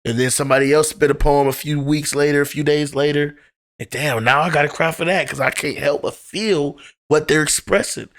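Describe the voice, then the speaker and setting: With a fairly high, slightly bright voice, fairly even intonation, and a brisk pace, a young adult poet and teacher speaks as a guest on a podcast. The conversation is casual, and he recounts personal experiences frankly and warmly, with offhand cursing.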